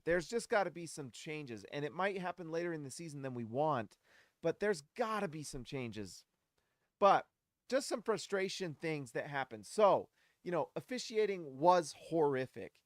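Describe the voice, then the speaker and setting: A man with a high, bright-sitting voice breaks down a game for his fan show in loose, casual commentary. He rants with animated exasperation, repeating complaints and shouting instructions at players who can't hear him. The sound is close and dry, with no room around it. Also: no echo. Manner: talks straight to the audience, shouts at players. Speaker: host of a basketball fan show.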